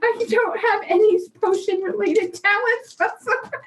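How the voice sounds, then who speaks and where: A woman playing in a tabletop role-play, chatting in a giggly, animated way and joking often. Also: very high voice, a little hiss or hum. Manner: giggly, animated, quick to joke. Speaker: player.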